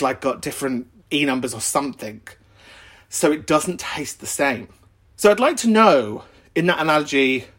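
A young Irish woman chatting on her podcast, her voice slightly husky and swinging widely up and down. She swears freely and keeps breaking into laughter. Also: sits low. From Ireland. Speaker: podcast host. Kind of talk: casual chat.

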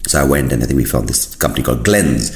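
A man from India whose native language is Kannada hosts a comedic podcast monologue, speaking fast in a rumbling low voice. His storytelling is animated and sprinkled with crude asides, recorded in an echoey room.

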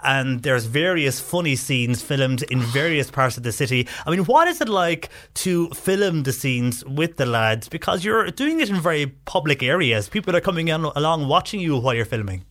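A man's voice: on the high side, big pitch swings, normal speed, few pauses, fairly bright tone. A man hosting a local radio interview, asking long, friendly, rambling questions. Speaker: radio presenter.

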